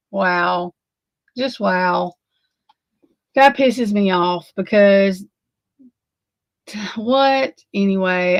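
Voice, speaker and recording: Sleepy and yawning, a woman hosts a casual true crime livestream, rambling and swearing with exasperation as she chats with her audience. Her voice is mid-range, with no room sound.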